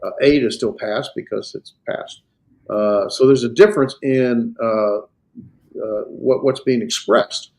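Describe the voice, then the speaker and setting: A man with an American Southern accent lectures a small class on grammar in a middle-pitched voice. He explains step by step, circling back with fillers and false starts as he works through each point. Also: steady tone, takes it slowly, darkish tone. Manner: explains patiently with many fillers and restarts. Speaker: Greek instructor.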